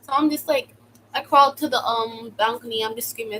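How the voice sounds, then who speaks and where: A bright-voiced young woman from the United States tells a storytime in loose, slangy talk. She often jumps into loud, high exclamations. Her voice is faintly noisy. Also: brisk. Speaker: vlogger. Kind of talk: casual storytime.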